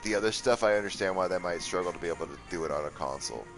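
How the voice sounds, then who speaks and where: Tired, sweary low-voiced male streamer. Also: racing, a bit bright, soft background music. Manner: tired, rambling, sarcastic, swears a lot. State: worn out from a long session. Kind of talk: casual gaming commentary.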